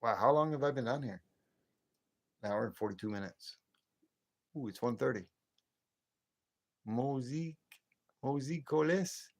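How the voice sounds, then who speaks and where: Gravelly and mid-range, this man's voice moves at normal speed and pauses often. He's in his late fifties, from the northern US by the Canadian border, rambling chattily on a late-night livestream and chuckling to himself.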